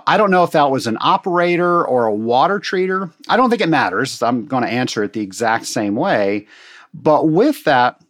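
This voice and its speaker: Folksy man explaining boiler water treatment. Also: mid-range voice. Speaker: water treatment instructor answering a listener question. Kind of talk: casual instructional talk. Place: Atlanta.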